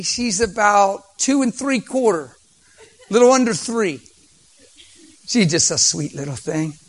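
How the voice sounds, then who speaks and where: A man preaching, telling a story with vocal sound effects and sometimes dropping to a soft near-whisper. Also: sits high. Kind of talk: storytelling sermon.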